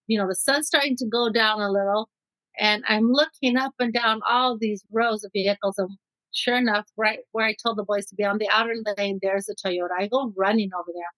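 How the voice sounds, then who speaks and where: A woman's voice: mid-range voice, fairly even intonation, brisk, a bit bright, no echo, poor audio. A middle-aged woman from Mexico, a guest telling her own story in an interview, vivid and acting out what people said. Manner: vivid storyteller who acts out quotes.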